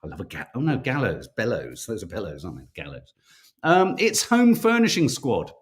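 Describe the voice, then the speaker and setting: A man's voice: fairly low pitch, huge pitch swings, moderate pace. A chatty man from the United Kingdom hosting a casual live-stream quiz. His voice swings widely up and down as he reads out questions and laughs at his own slips over names. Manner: chatty, self-mocking, stumbles over names. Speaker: podcast co-host running a viewer quiz.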